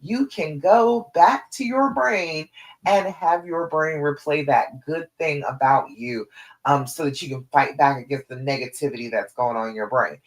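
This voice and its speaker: A woman's voice: low-pitched, normal speed. A woman love coach giving a live-streamed coaching talk, direct and encouraging, often checking in with "okay?" between points.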